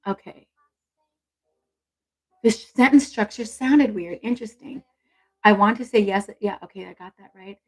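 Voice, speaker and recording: A woman's voice: medium pitch, measured pace, pauses often, slightly rough, poor audio. A woman hosting a casual live stream on intuition, chatty and encouraging as she reads viewer comments aloud.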